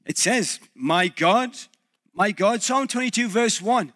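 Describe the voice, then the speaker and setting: A male pastor preaching a reflective sermon, pausing and restarting as he thinks aloud. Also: high voice, lively intonation, bright, forceful tone.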